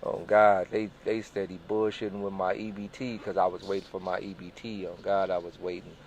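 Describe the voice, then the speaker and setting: A man telling a personal story casually and profanely, swinging between loud bursts and hushed lines, acting out the voices in his anecdotes. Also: deep voice, flat delivery, fairly quick, slight background noise. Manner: profane, repeats "on God"; acts out voices in quoted dialogue.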